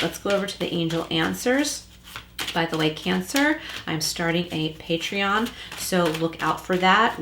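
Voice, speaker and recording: A woman with a lowish voice gives a tarot reading and speaks straight to the listener in a reassuring way. Her voice bounces around an echoey room at home. A faint rumble hums underneath. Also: fairly bright tone. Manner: reassuring, addresses the listener directly. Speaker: tarot reader. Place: room at home with a closed door.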